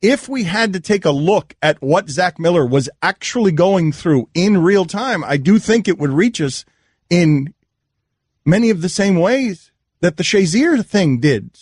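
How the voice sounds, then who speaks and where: A radio host with a fairly high voice makes his point earnestly, repeating phrases as he feels his way forward. The sound is dry and close to the mic. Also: animated, a little slow, darkish tone, breathy edge, no echo. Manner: earnest, searching for words, repeats himself. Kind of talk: sports talk radio discussion.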